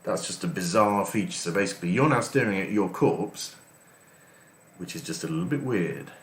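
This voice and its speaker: A man's voice: low voice, lively intonation, moderate pace. A man giving casual let's-play commentary as host, reading game text aloud between his comments. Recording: echoey room with faint noise.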